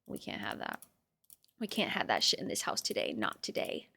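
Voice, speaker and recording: Brief: bright, sharp young woman streaming, close and dry on the mic. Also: rumbling low, wildly swooping pitch, normal speed, vocal fry, slightly rough, dry recording. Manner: talks to herself and to chat, swears, swings loud. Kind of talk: casual chat.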